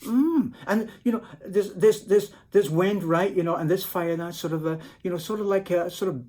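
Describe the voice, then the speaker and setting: A man's voice: high voice, moderate pace, dark tone. A man reading a picture book aloud and musing over its pictures. He talks casually and keeps tagging lines with "right?" and "you know". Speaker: storyteller and teacher.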